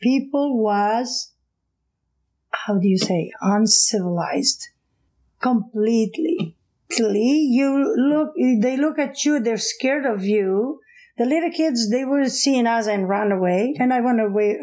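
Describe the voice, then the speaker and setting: Portuguese-accented woman guest, middle-aged, animated storyteller, mellow warm tone. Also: fairly high pitch, takes it slowly, rough recording. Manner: animated, laughs often, acts out voices. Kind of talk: casual storytelling.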